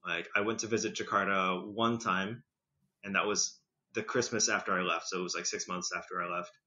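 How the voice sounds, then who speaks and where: Bright man with a slight British tinge. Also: low-pitched, fairly even intonation. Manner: rambling, filler-heavy, quick to laugh. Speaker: podcast guest. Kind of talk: casual conversational storytelling. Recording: slightly muffled lo-fi recording.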